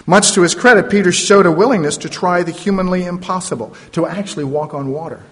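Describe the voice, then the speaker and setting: A man's voice: sits high, quick pace, fairly bright tone. A man preaching a sermon, retelling a story dramatically with playful asides. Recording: long reverb of a large hall.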